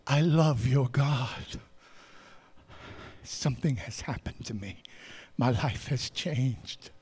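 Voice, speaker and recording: A man's voice: medium pitch, takes it slowly, darkish tone, husky. A man preaching who voices a grateful, earnest foreign general pleading to take holy soil home.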